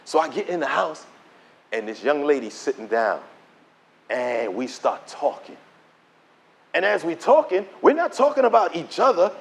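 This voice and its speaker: A middle-aged man giving his testimony as a preacher, telling the story in an animated way and acting out the dialogue. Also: on the high side, moderate pace, gravelly, pauses often. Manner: animated storytelling, acts out dialogue in quoted voices. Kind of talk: preached testimony to a conference audience.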